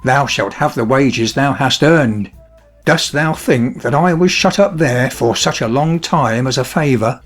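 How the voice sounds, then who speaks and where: A man voicing a trapped spirit in a fairy tale that grows huge and threatens, crying out high and muffled or speaking haughtily. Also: unhurried, soft background music, close to an everyday voice. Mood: menacing. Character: trapped then towering menacing male spirit.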